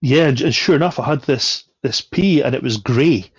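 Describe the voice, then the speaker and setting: A man with a gravelly, creaky voice tells a story in a relaxed, chatty way, slipping into the voices of the people in it. The recording is dry and a little dull. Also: medium pitch, moderate pace, no room sound. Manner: animated, acts out quoted voices. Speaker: podcast guest. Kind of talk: casual storytelling.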